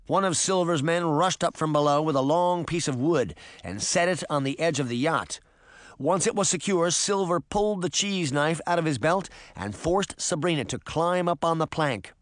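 A man narrating an audiobook in an expressive, dramatic manner. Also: a little high, moderate pace, dry recording. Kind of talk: scripted narration.

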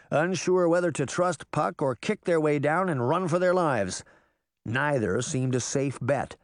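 A man narrating an audiobook with expressive storytelling. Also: medium pitch, no room sound, clean studio sound. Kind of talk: scripted narration.

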